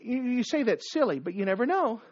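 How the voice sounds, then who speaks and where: In full sermon mode, a preacher's voice swings widely up and down, a little mellow and brisk in pace. He keeps pressing listeners with rhetorical questions and repeated commands. The recording is dull and lo-fi.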